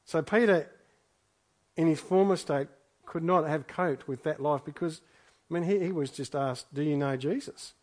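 A man's voice: fairly high pitch, moderate pace, a little mellow. A man preaching a sermon, reading scripture aloud and then reflecting on it in an earnest way, often repeating his phrases for emphasis. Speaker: pastor.

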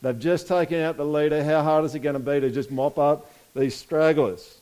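Conversational preacher, a man with a higher voice. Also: steady tone, normal speed, a little mellow. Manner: conversational preaching with audience call-and-response. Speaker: pastor. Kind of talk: sermon.

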